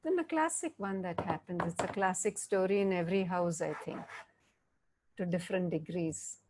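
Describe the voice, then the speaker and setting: A woman giving a reflective interactive talk, speaking gently and often checking in with her listeners. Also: lowish voice, background noise. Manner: slow, gentle, checks in with "yeah?".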